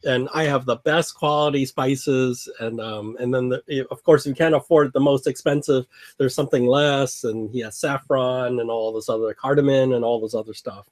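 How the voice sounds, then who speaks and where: A man's voice: mid-range voice, fairly even intonation, moderate pace, a little mellow, no room sound. Man, game master, casual narration, repeats himself, dry sound. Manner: loose, casual, repeats words.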